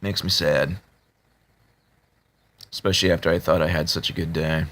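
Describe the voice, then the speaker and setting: A man talking casually to his subscribers, halting with many fillers and restarts, in a flat tone that can sound annoyed. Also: deep voice. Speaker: video creator talking to subscribers. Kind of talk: casual confessional talk to camera.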